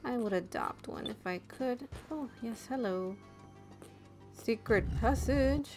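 A woman's voice: a little high, takes it slowly, music in the background. A woman giving casual, chatty commentary while playing a video game, easily delighted by what she sees. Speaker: let's play commentator.

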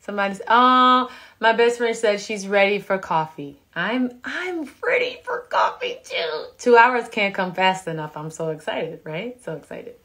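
A woman in her thirties hosting a casual live stream from home on a phone, chatting with viewers and reading out their comments in a relaxed, chatty way. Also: medium pitch, a little slow. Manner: relaxed, chatty, laughing asides. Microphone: phone camera.

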